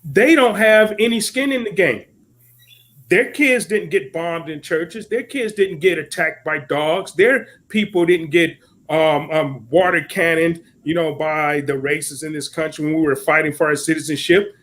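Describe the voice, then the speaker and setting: A man's voice: a little high, normal speed, a bit bright. An American man co-hosting a podcast, delivering heated political commentary in an angry, profane rant. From United States. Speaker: podcast co-host.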